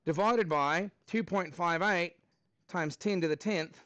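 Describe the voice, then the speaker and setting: A man teaching a math class, upbeat, counting steps aloud and thinking out loud as he works problems with students. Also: sits high, unhurried, no echo. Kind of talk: live class review lesson.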